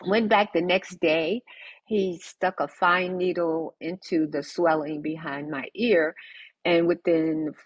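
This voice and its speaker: An older woman, a podcast guest, telling her story in an animated, emphatic way and acting out the dialogue. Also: lowish voice, slow, dry recording, lo-fi sound. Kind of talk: conversational storytelling.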